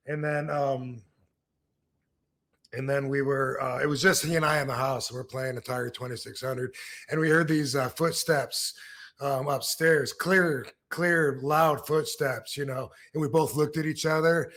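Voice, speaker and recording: A former wrestler in his fifties from Michigan, USA, hosts a casual podcast chat and tells a long story, repeating words and acting out old quotes. His medium-pitched voice is steady, unhurried, and a bit bright.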